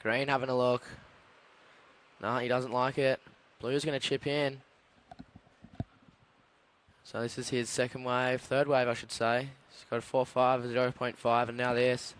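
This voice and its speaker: A man calls a surf heat in a clear, smooth voice of middle pitch. He runs through the scores and colours steadily, keeping the play-by-play informative. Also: flat delivery, measured pace, pauses often, fairly bright tone. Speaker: surf commentator. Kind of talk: live sports commentary.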